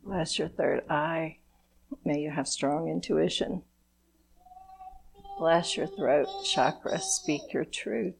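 A woman leading a chakra blessing ritual as its spiritual officiant, speaking in a measured, incantatory way. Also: low-pitched, very animated, gravelly, slightly rough, poor audio. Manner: slow, measured, incantatory delivery.

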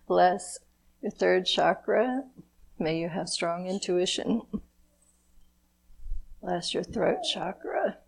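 A woman officiant moves through a chakra blessing at an unhurried pace. Her voice is husky and a little gravelly, set somewhat low. The delivery is measured and incantatory. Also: low-quality recording. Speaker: spiritual officiant giving blessings.

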